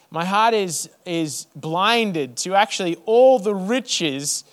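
A man preaching a sermon to his church, building rhythmic lists and then dropping to a soft hush. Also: high voice. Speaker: pastor.

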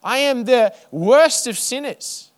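High-voiced man preaching a sermon. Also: lively intonation, slow pace. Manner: repetitive, rhythmic preaching that drops to a soft hush. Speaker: pastor.

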